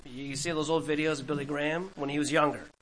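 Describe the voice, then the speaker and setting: A man in his fifties, a pastor giving a conversational, animated Bible-teaching sermon to his congregation, laughing now and then at his own stories. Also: fairly high pitch, fast, a little hiss or hum, low-quality recording. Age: 50s.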